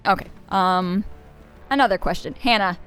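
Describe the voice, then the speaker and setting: A woman's voice: medium pitch, moderate pace, fairly bright tone, faint music behind. A woman player in a tabletop game, asking rules questions in a casual, playful way.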